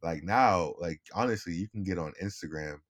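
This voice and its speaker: Young guy w a really low voice, rambly laid-back podcast chat. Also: normal speed. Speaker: podcast co-host. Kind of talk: casual chat.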